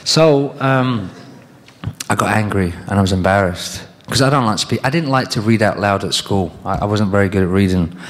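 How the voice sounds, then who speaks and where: A British man in his thirties, with a slightly low voice, answers fan questions at a convention panel. He tells loose, rambling stories and slips into the voices of the people in them. A long hall reverb trails after his words. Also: fairly quick. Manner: rambling anecdotes with acted-out quotes. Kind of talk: fan Q&A storytelling. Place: large convention hall with audience.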